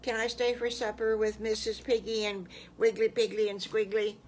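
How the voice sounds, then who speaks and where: A woman's voice: on the high side, little pitch movement, normal speed, a little mellow, slight background noise, pitched above the performer's own voice, close to an everyday voice. A woman voicing a polite young alligator boy asking to stay for supper, sheepish and respectful. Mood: eager.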